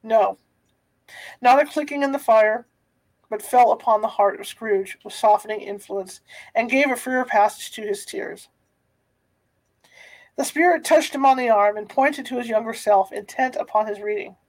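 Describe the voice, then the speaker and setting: A woman's voice: a little high, poor audio. Woman reading a classic story aloud. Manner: unhurried, with small stumbles and restarts. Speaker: reader.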